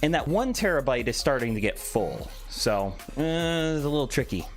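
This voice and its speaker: A man's voice: on the high side, moderate pace, hardly any pauses. A man streaming live, chatting casually and playfully while reading out and answering his chat. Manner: animated, reads chat aloud and answers playfully. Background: faint background music.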